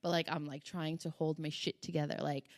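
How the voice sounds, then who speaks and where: A woman's voice: deep voice, little pitch movement, brisk, no echo, clean studio sound. A woman in her thirties co-hosting a podcast, telling rambling, profane stories in casual chat and laughing often. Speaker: podcast co-host.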